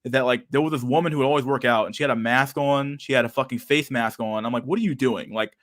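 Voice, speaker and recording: A man's voice: mid-range voice, steady tone, fast, fairly bright tone. Male podcast host, casual rant, profane and rambling, frequent laughter. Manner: profane, rambling, says dude a lot, laughs often. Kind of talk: casual ranting chat.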